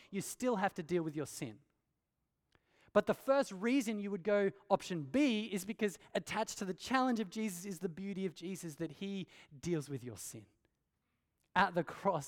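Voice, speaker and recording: A man preaching an earnest sermon, asking rhetorical questions and pressing his points with emphasis. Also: high-pitched. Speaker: pastor. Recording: long hall reverb.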